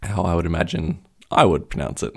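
A man's voice: deep voice, fairly quick, creaky, breathy edge. A man co-hosting a podcast in casual chat, asking probing, analytical questions. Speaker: podcast co-host.

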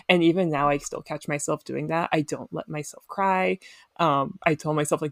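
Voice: medium pitch, steady tone, a little fast, gravelly, no echo, studio quality. A young person on a group podcast, talking candidly with frequent laughs and casual swearing. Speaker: podcast co-host.

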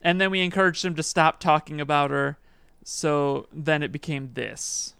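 A man's voice: on the high side, fairly even intonation, moderate pace, vocal fry, pushed and bright, smooth, dry recording. A man co-hosting a podcast, explaining in a dry, wry way. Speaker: podcast co-host. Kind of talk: casual chat.

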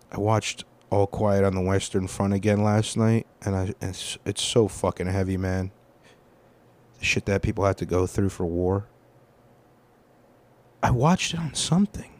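A young man hosts his own podcast, rambling casually through his week with plenty of swearing and self-deprecating jokes. His voice sits on the low side and sounds a little mellow.

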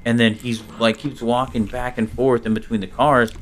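A man's voice: medium pitch, level tone, moderate pace. Laid-back man chatting, faint hiss. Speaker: podcast co-host. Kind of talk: casual podcast chat.

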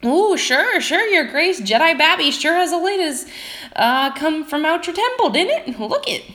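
A woman's voice: high-pitched, big pitch swings, normal speed, fairly bright tone, pitched above the performer's own voice. A woman doing a wheedling drooling old hunchback. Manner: weird old rustic man voice, slurred grammar.

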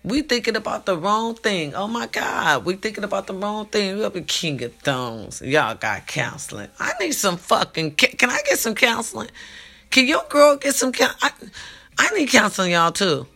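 Gravelly-voiced woman ranting to followers. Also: mid-range voice, lively intonation, moderate pace, sharp tone. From California. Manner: emphatic, repeats herself, calls to "y'all". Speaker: vlogger. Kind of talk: late-night monologue to followers. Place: home, at night.

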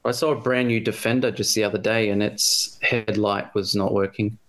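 A man's voice: fairly low pitch, steady tone, moderate pace, fairly bright tone. A man chatting and joking casually as a podcast co-host. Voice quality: joking, teasing. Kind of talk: casual chat.

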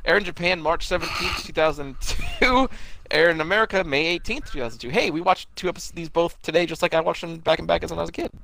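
A man chatting casually about an anime episode, excitable, laughing often and swearing freely. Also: a little high, fast talker, vocal fry, low-quality recording.

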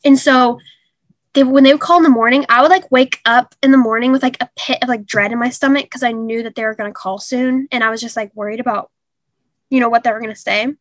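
A young woman telling a painful personal story in an interview, halting and earnest with many fillers. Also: a little high, steady tone, fairly bright tone, no room sound. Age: young adult. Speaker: guest.

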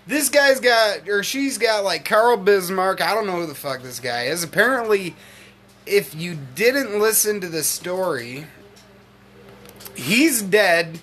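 Animated podcast host, bright voice. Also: male voice, high-pitched, slow pace, slight background noise. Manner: animated, swearing, quoting clips. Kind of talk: casual chat.

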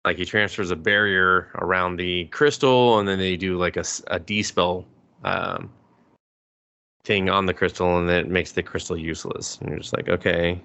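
A man's voice: low-pitched, fairly even intonation, moderate pace, sharp tone. A man co-hosting a podcast, chatting casually and rambling with lots of fillers and sarcastic asides. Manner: rambling, full of likes and ums, sarcastic asides. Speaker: podcast co-host. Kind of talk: casual anime review chat.

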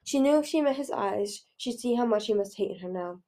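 A woman reading a fantasy novel aloud in an earnest, expressive way. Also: a little high, fairly quick. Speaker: audiobook reader. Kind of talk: storybook read-aloud.

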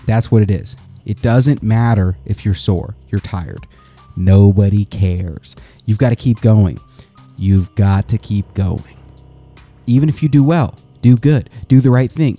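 A young adult man hosting a podcast, reading quotes aloud and riffing on them in a profane, animated way. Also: fairly low pitch, normal speed, soft background music. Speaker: podcast host. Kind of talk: casual podcast commentary.

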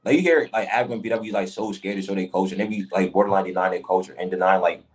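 A man's voice: deep voice, rapid-fire. A man arguing insistently in a heated group debate, repeating himself and cutting in. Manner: insistent, repeats "bro", interrupts. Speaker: debate participant.

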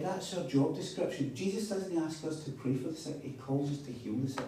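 A man's voice: a little high, brisk, hardly any pauses, dark tone. A man preaching a sermon, telling stories with emphatic repeats. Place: hall at a retreat. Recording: echoey hall, mic far off.

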